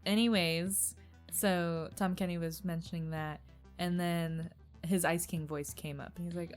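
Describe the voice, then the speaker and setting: Casting: female podcast co-host, giggly, lively swinging pitch. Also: measured pace, soft background music. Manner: giggly, laughs often. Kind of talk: casual chat.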